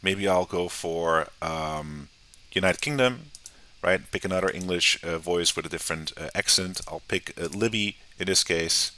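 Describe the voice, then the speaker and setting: Deep-voiced man teaching casually. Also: normal speed. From United States. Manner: relaxed, conversational, often tags sentences with "right?". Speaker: software tutorial instructor. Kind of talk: screen-recorded software tutorial.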